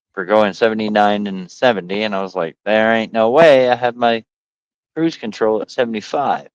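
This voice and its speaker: Male co-host, casual stream talker, smooth tone, acts out his stories. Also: lowish voice, no room sound, rough recording. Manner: animated storyteller, acts out quotes. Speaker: livestream co-host. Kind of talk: casual chat.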